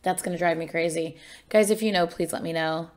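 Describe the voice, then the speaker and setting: A woman's voice: lowish voice, steady tone, a little fast, darkish tone. Chatty woman reacting to music. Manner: chatty and enthusiastic. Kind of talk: casual reaction commentary.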